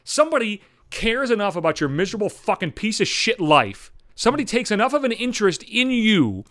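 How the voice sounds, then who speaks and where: Profane ranting man, lively pitch. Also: a little fast, no echo, studio quality. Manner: ranting, profane, sarcastic, with mocking voices for others. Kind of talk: profane comedic rant.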